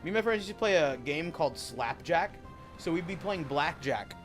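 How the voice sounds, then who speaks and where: A man's voice: a little high, expressive, normal speed, soft background music. Rambling, opinionated young man streaming a game. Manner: rambling, opinionated, swears freely. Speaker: gaming streamer. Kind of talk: casual gameplay commentary.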